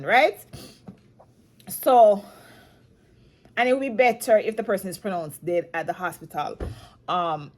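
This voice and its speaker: A woman from Jamaica gives a loose, rambling vlog commentary, often restarting her sentences and pressing her points with emphasis. She sounds saddened and emotional. Her voice sits slightly high. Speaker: commentary vlogger. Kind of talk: casual commentary monologue.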